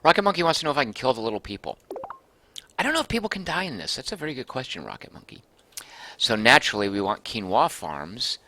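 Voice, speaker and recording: A man's voice: mid-range voice, very animated, fast, noisy background. A man casually commenting as he streams a game, thinking aloud and reading out viewer comments.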